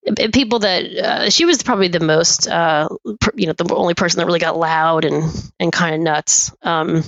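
A woman guest on a podcast, a poll worker, telling anecdotes in a chatty, animated way and laughing often. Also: lowish voice, moderate pace, no echo. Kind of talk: casual podcast storytelling. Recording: dull, dry lo-fi audio.

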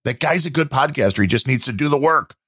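A man's voice: mid-range voice, fast, husky, dry recording. A man hosting a casual podcast, joking and teasing his co-hosts. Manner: animated, joking. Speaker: podcast host.

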